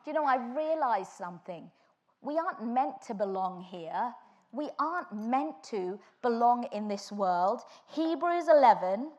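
A woman's voice: on the high side, lively intonation, a little slow, darkish tone, lo-fi sound. A woman preaching a sermon, telling stories with animation and building to fervent emphasis. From England.

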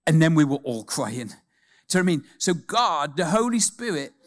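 A man delivers a sermon in a church, telling a story with lively, shifting emphasis. His speaking voice sits somewhat high for a man. He moves from hushed, slower stretches to emphatic, rising passages. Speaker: preacher.

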